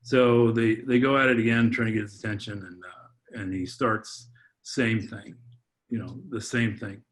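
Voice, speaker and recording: Halting man telling a personal story. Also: lowish voice, fairly even intonation. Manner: halting, with frequent restarts and repeated words. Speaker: podcast guest, father. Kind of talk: heartfelt personal testimony in conversation.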